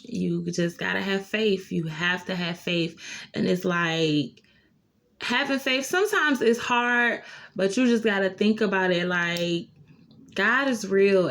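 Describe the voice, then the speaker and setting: An earnest young woman nurse shares a casual storytime with her viewers. She talks in an encouraging, faith-filled way and fills her sentences with "like" and "you know." Her pitch sits at a middle level for a woman. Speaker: nurse and vlogger.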